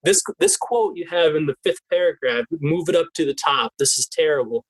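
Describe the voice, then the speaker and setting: A man playing a gruff older male newspaper editor with a Boston accent, pushing his voice high and strained. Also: a little fast, rough recording. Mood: exasperated.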